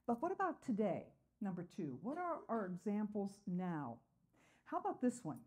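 A woman leads a Bible study lesson in a soft, mellow voice at an everyday pitch. She talks earnestly, peppering her teaching with "uh" and posing questions to the class before answering them herself. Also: very animated, normal speed, slightly rough. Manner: earnest, with frequent "uh" fillers.

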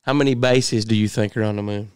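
Male host, clear resonant voice, dry studio sound, easygoing questioner who laughs easily. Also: fairly low pitch, fairly even intonation, brisk, a little mellow, no room sound. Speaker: podcast host. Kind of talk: casual podcast chat. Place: podcast studio.

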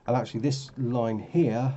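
A man's voice: medium pitch, fairly even intonation, moderate pace, warm tone, dull audio, a little hiss or hum. A tired man talking casually through his trading charts, rambling and correcting himself as he goes. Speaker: forex trading vlogger. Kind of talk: casual screen-share commentary.

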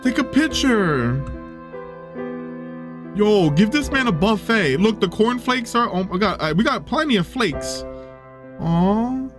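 Young male gaming host, high lively voice, excitable and chatty, home desk mic, soft game music underneath. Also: takes it slowly, pauses often. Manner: excitable, coos and gasps, chatty asides. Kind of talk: let's play commentary.

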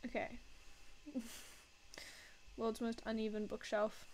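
Joking woman chatting slowly while drawing. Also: fairly high pitch, level tone, slight background noise, rough recording. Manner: self-mocking, joking, laughs often. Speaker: artist live-streaming her drawing. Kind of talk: casual live-stream chat while drawing.

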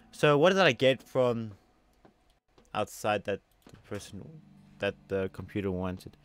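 Excitable man playing a game. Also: on the low side, unhurried, clear, resonant tone, dry recording. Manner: excitable, talks to viewers, swings from loud to soft. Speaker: gamer. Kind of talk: let's play commentary.

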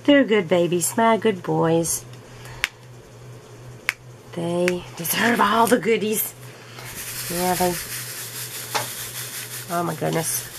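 Slow-talking woman chatting at home. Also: lowish voice, noisy background. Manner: slow, chatty, laughs often. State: throat a bit rough from allergies. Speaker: diamond painting vlogger. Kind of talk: casual chat while crafting.

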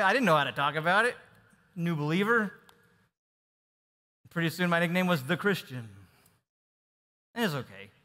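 A man pastor preaching a sermon in a conversational, animated manner. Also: sits high. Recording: long hall reverb.

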